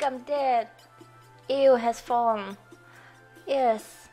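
A woman's voice: high voice, expressive, slow pace. A young woman giving chatty gameplay commentary, easily startled and swearing when frustrated. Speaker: gaming youtuber. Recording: faint game music behind.

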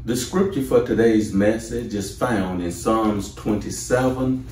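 A man preaching a sermon as pastor, slow and deliberate with rising emphasis. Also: on the low side, a little mellow, reverberant, far from the mic, slight background noise.

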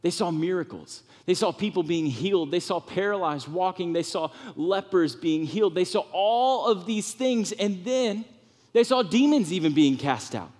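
A man preaching a sermon in a church with lively, animated delivery, sometimes softening to a hushed, comforting tone. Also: moderate pace. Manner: animated preaching, drops to soft tones for comfort, rises high for emphasis. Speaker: pastor. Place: church sanctuary. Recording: long reverb of a church hall.

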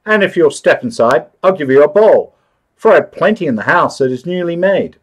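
A man's voice: fairly high pitch, animated, brisk, pitched above the performer's own voice. A man voicing a friendly, hospitable woman offering porridge in a storybook reading. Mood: kindly. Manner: warm and obliging.

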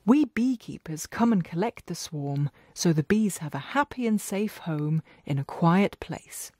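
A woman voicing a calm, friendly male farmer who keeps bees, speaking in a reassuring storybook manner. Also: fairly low pitch, measured pace, no echo, studio quality.

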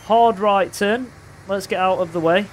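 High-voiced excitable gamer. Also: male voice, a little slow, slight background noise. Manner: playful, excitable trash talk, bursts of shouting. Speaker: gaming commentator. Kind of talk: casual gameplay commentary.

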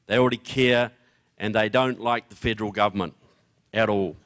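A man's voice: on the low side, steady tone, normal speed, a bit bright. A middle-aged man from New Zealand with a New Zealand accent, giving a political speech to a live audience, with joking, folksy asides to the crowd. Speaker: guest speaker.

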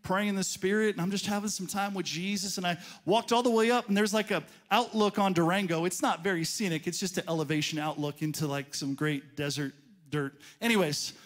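A man with a high-pitched voice delivers a sermon in a church. He tells a personal story in an easy, conversational way. His delivery swells to emphatic peaks and sinks into quiet asides. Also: fairly even intonation, a little fast. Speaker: pastor. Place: church sanctuary.

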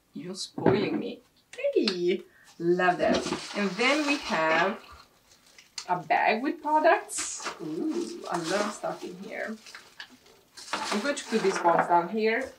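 Slow, gushing woman unboxing beauty products. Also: fairly low pitch. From Sweden. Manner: excitable, gushing over products. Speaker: beauty vlogger. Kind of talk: casual unboxing chat. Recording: distant mic with clear background noise.

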